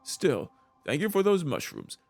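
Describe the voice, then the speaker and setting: A man's voice: on the high side, huge pitch swings, measured pace, vocal fry, no room sound, soft background music, voice pushed up, full character voice. A man voicing a playful, eccentric young female adventurer who talks in a light, offhand way. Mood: breezy.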